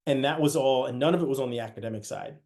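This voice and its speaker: A man's voice: medium pitch, fast, a little mellow. Conversational male podcast host. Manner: conversational, many restarts and asides. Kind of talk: casual podcast discussion.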